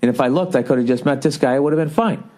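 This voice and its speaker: A man's voice: medium pitch, rapid-fire, warm tone. Profane ranting man telling a story. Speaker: podcast host. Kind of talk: comedic storytelling monologue.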